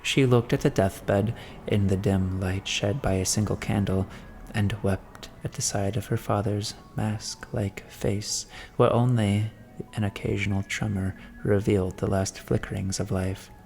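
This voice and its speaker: A man giving a measured, solemn reading of a classic novel as an audiobook narrator. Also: lowish voice, level tone, creaky, darkish tone, soft background music.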